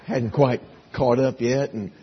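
Brief: male pastor, husky voice, folksy storytelling sermon, dull lo-fi church recording. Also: mid-range voice, fairly even intonation, measured pace. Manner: folksy storytelling, acts out biblical dialogue. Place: church sanctuary.

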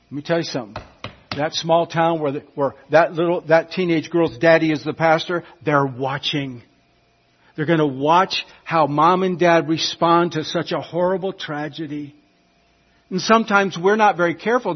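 A husky man delivers an emphatic sermon in a somewhat high voice. He swings from quiet, intimate lines to loud appeals. The recording sounds dull and lo-fi. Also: moderate pace. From United States. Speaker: preacher.

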